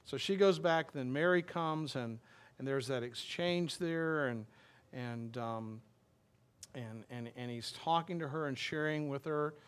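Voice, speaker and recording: A male pastor preaching a sermon in a conversational way, reading scripture slowly and explaining it with frequent restarts. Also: medium pitch, clear, resonant tone. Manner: reads scripture aloud slowly, then explains it plainly.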